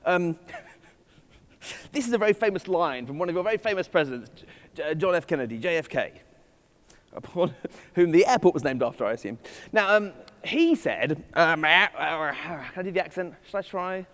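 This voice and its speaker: A man's voice: on the high side, lively intonation, normal speed. Witty man giving a keynote. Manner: witty, digressive, self-deprecating. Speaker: conference speaker. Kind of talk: keynote talk. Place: conference hall. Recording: hall reverb from stage.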